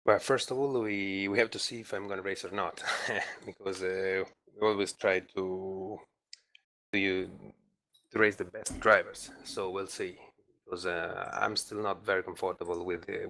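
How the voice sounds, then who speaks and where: A man's voice: low voice, gravelly, bright, forceful tone. A man, a race driver talking hesitantly in a post-race interview. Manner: hesitant, many fillers and restarts.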